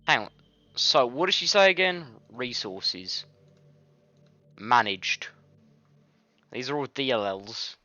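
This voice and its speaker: A man's voice: mid-range voice, sing-song, takes it slowly, long pauses, pushed and bright, highs cut off. A man recording casual game commentary at his home studio, rambling, swearing and easily frustrated. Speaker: gaming video creator. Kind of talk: casual let's-play commentary.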